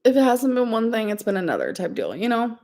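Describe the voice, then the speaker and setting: A woman's voice: fairly high pitch, huge pitch swings, fast, warm tone. A young woman chatting casually on a livestream, rambling and giggling, full of "like" and "um".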